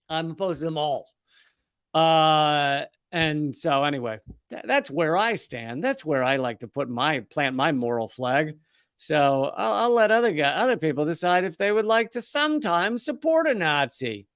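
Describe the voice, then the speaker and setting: A man's voice: fairly high pitch, expressive, moderate pace, a bit bright, smooth, dry recording, studio quality. A man hosting a live political commentary show, sardonic and profane, with frequent digressions. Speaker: host.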